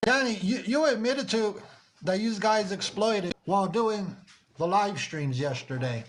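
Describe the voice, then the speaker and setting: A man with a Mexican-American accent hosts a livestream and calls people out. He talks in a high register and scolds them insistently, saying the same thing over and over. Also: animated, a little slow, a little hiss or hum. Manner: scolding, insistent, repeats himself. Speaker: livestream host. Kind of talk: confrontational livestream talk.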